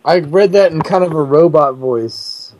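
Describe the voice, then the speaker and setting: Slow, deadpan prank-calling man. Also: on the high side, slight background noise, rough recording. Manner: deadpan, rambling, crude. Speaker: prank caller. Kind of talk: prank phone call.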